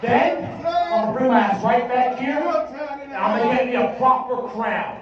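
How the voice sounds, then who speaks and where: A man cutting a wrestling promo, boastful and aggressive, swearing and shouting over a crowd. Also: very high-pitched, animated, normal speed. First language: Spanish. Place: indie wrestling arena, crowd around. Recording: distant, echoey, dull arena sound.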